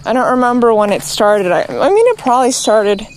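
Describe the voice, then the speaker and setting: A woman's voice: fairly high pitch, big pitch swings, a little fast, slight background noise. A woman streamer ranting, exasperated and profane, rambling along with many restarts. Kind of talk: ranting to camera.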